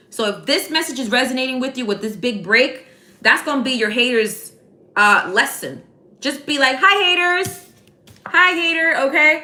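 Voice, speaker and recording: A woman reads tarot cards in a loose, slangy chat and calls out her viewers by name. Her voice sits a bit high and sounds very bright. The room adds a strong echo. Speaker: tarot card reader. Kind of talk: casual live tarot reading. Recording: echoey room.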